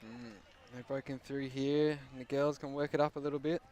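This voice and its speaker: A man calling a game live from the sideline, mid-pitched and chatty. He sounds a touch out of breath and reacts quickly to the play. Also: flat delivery, a little mellow. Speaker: sports commentator. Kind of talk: live sports commentary.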